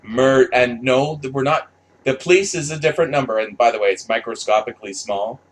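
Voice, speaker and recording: A man's voice: mid-range voice, brisk. A man delivering an unscripted, blunt monologue with lots of swearing and restarts. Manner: blunt, profane, rambling with restarts. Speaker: commentator.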